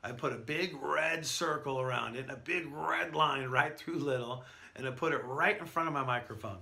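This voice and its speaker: A man teaching announcing skills in an animated, breezy, jokey manner. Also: a little high, normal speed, gravelly. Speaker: announcer coach. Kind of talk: instructional talk.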